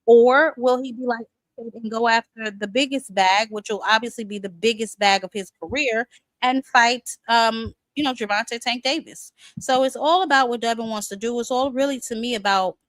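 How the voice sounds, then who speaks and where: A woman's voice: on the high side, moderate pace, a bit bright, no echo, low-quality recording. A woman hosting a boxing talk show in a casual live-stream chat, sassy and chatty, calling viewers "honey" and "child" and greeting them by name.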